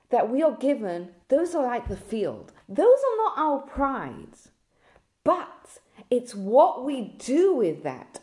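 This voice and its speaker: A woman's voice: a little high, mellow. A woman teaching a lesson on a religious text, speaking earnestly and telling a story with frequent restarts.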